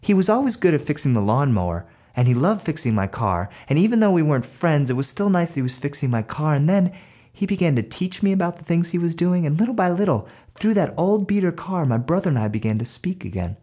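A man telling a personal story aloud in an animated, conversational way. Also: on the high side, fast talker.

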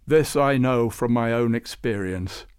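A man puts on a blunt, gruff old saint in a voice unlike his own reading tone, close to his usual pitch. He sounds dismissive and matter-of-fact. It is a storybook voice for a crusty elder. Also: unhurried, dry recording, close to an everyday voice. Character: gruff old male saint, a former king. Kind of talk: storybook character voice.

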